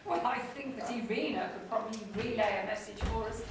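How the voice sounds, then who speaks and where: Older woman as a high, fluttery, prim old actress, echoey hall heard from afar. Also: a little fast, lightly acted. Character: fussy old actress, flustered and scheming. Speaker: stage actor in an amateur play. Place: theatre stage. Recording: echoey hall, far-off mic, noise.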